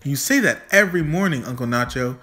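A man reading a storybook aloud, voicing a cheerful, caring young niece in a lively, chirpy way. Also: medium pitch, a little fast.

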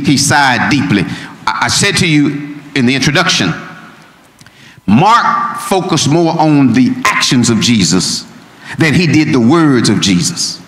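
Man, pastor, sermon, rising to shouted emphasis, echoey church room. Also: medium pitch. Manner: preaching that builds from calm teaching to shouted emphasis. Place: church sanctuary. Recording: roomy church with long reverb.

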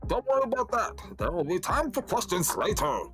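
A man's voice: high voice, big pitch swings, fairly quick, a bit bright, soft background music, voice pushed up. A man voicing a formal male alien delegate in a video game, reading stiffly with small stumbles.

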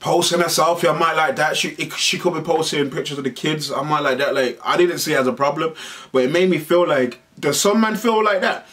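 A man hosting a vlog, telling a story in an animated, slangy way and swearing freely. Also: on the high side, a little fast. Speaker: vlog host. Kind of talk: casual storytelling monologue. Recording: voice a bit far from the mic.

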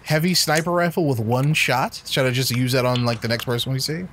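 A man's voice: medium pitch, steady tone, a little fast, fairly bright tone, slight background noise. A man co-hosting a let's play, bantering casually and joking with friends while gaming. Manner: joking, breaks into sing-song bits.

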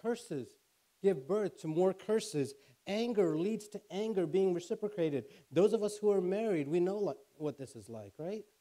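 A middle-aged male pastor delivers a sermon in a fairly high yet mellow, warm voice. He tells stories to make his points and climbs in pitch and force when he wants them to land. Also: animated, moderate pace. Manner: storytelling preacher, rising in pitch and force for emphasis.

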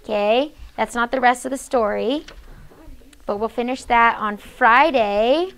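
A woman teaching sixth grade in a classroom, reading a story aloud, explaining it and hushing students between lines. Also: fairly high pitch, measured pace, clear, resonant tone. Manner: reads quoted lines with changed voices, hushes students often.

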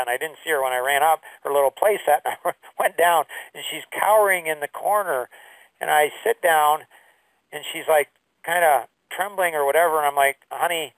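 A man's voice: a little high, fairly bright tone, no echo, distant mic, rough recording. Earnest grandfather telling a personal story. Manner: earnest, emotional storytelling with many fillers. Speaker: course teacher.

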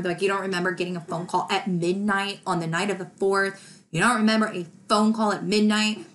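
A woman's voice: mid-range voice, fast, fairly bright tone, a little hiss or hum. A woman casually retelling a true crime case, acting out the quoted dialogue with lots of "like" fillers.

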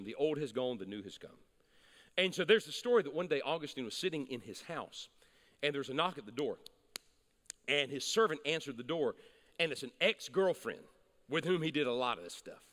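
A male pastor preaching a sermon in a church sanctuary, emphatic and swinging from loud to hushed. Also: a little high, in a large hall.

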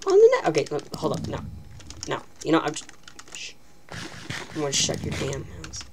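A woman's voice: medium pitch, huge pitch swings, fairly quick, pauses often, a little hiss or hum. A woman giving live, self-mocking commentary while playing a video game, talking to herself as she plays. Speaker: gaming channel host.

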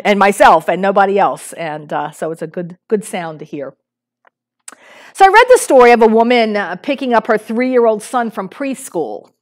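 A middle-aged woman pastor giving a sermon in a conversational way, with fillers and restarts. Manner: acts out a small boy's lines in a higher voice when telling a story.

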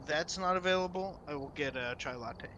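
A man joining a game stream as a guest, chatting in a relaxed way and swearing casually. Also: a little high, brisk, lo-fi sound, background noise. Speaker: guest player. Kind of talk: casual chat while gaming.

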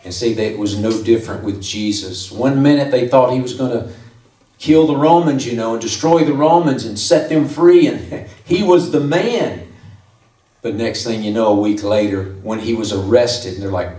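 Pastor type, male, plain middle pitch, conversational sermon delivery, picked up from a distance in a reverberant church. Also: animated, moderate pace, warm tone. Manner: conversational preaching, rising emphasis on key points. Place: church sanctuary. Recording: echoey room from far off.

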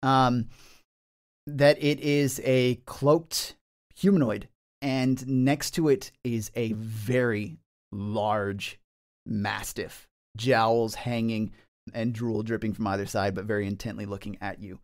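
A man's voice: lowish voice, little pitch movement, takes it slowly. A man running a tabletop game, narrating scenes descriptively with many fillers. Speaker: game master.

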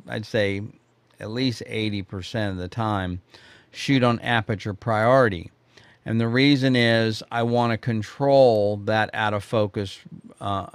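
With a smooth, fairly bright mid-range voice and no room sound, a man teaches photography during a live quiz stream. He talks straight to viewers in a chatty, rambling way, full of fillers and restarts.

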